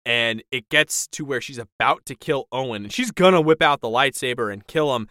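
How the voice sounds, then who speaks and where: A man co-hosting a casual podcast, excitable and slangy, acting out scenes as he recaps them. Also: mid-range voice, moderate pace, no echo, studio quality. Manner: excitable, slangy, reacts loudly. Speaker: podcast co-host.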